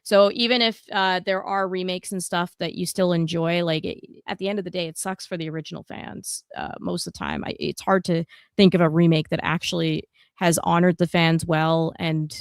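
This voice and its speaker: A woman's voice: lowish voice, steady tone, moderate pace, hardly any pauses, dry recording, clean studio sound. A woman co-hosting a casual gaming podcast, talking bluntly and heatedly and swearing a lot. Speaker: podcast co-host.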